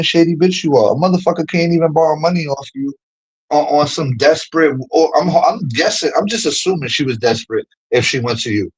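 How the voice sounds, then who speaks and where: A man holds forth in a slangy livestream rant, animated and quick to laugh. His voice sits a bit high and carries a husky, breathy edge. He mocks people by putting on their voices mid-story. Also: low-quality recording. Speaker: streamer.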